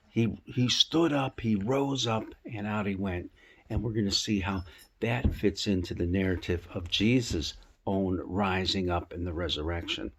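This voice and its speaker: A man gives a casual Bible lesson, folksy and animated, full of rhetorical questions. His voice is gravelly and a bit husky, at a middle pitch. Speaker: pastor teaching the Bible. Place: rooftop outdoors.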